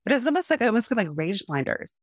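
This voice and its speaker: A woman's voice: a little high, big pitch swings, racing, no echo, studio quality. A young woman, a mother of two small children, talking candidly and a bit rambling on a coaching call. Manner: candid, rambling, acts out her kids' lines. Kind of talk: casual coaching conversation.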